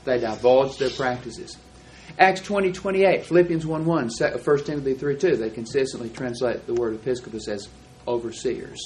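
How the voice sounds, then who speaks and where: A man teaching a Bible class, explaining verses and reading them out slowly and deliberately. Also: mid-range voice, darkish tone, slight background noise, poor audio.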